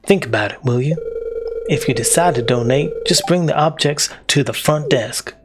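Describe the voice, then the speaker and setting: A man voicing a bookish male museum curator in a put-on American Southern accent, slow and formal. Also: on the high side, faint music behind, close to an everyday voice. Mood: drawling, polite.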